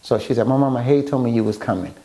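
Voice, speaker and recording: Animated male storyteller in casual talk. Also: mid-range voice, fast talker. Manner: animated storyteller acting out quoted dialogue. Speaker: guest, author and photographer.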